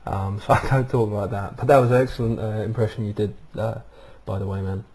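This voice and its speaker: Male vlog host, low and steady monotone, rambling, casual, webcam-miked. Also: fairly quick. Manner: rambling, many ums and uhs. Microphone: webcam microphone.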